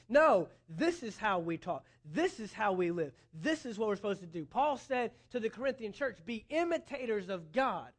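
A man's voice: high voice, sing-song, normal speed, few pauses, a bit bright. A man preaching a sermon as a pastor, earnest, with rising emphasis, quoting imagined dialogue.

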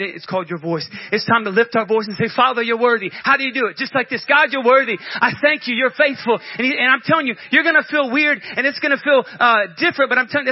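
Male pastor, very high voice, fervent sermon delivery with call-outs, dry lo-fi recording. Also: no room sound. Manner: fervent preaching with call-outs, acts out prayers.

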